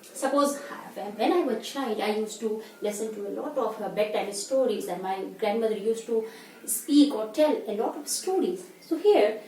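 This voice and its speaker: Lively, high-voiced Indian woman teacher. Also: normal speed. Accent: Indian English. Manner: repeats "fine?" to check understanding. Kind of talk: grammar lesson. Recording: echoey room, voice from the mic's distance, faint hiss.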